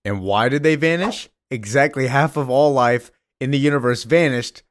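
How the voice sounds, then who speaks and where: A man's voice: medium pitch, moderate pace, slight background noise. A man casually recapping a comic storyline, chatty and full of fillers and wry asides.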